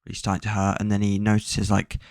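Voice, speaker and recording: A man's voice: lowish voice, completely flat delivery, quick pace, no room sound, studio quality. A man casually recapping a book's plot, rambling with lots of fillers and offhand swearing. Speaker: book recap vlogger.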